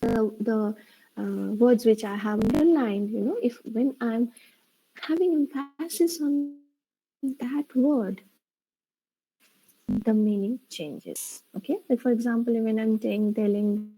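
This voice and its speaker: A woman's voice: a little high, slow pace, warm tone, slight background noise, rough recording. A woman teacher, explaining a spoken lesson and checking in often with "okay" and "right". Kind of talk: online spoken English lesson.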